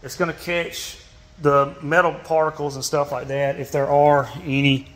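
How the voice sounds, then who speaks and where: Man with a Georgia drawl, slightly high. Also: flat delivery, moderate pace. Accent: Southern US (Georgia). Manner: folksy, says "y'all" often, many fillers and restarts. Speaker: fishing channel host. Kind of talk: casual how-to demonstration.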